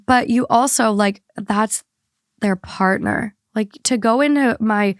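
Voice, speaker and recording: A woman's voice: fairly high pitch, takes it slowly, dry recording, clean studio sound. A woman hosting a podcast, talking in a heated, indignant way with a stuffy nose. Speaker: podcast host. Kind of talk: casual podcast chat.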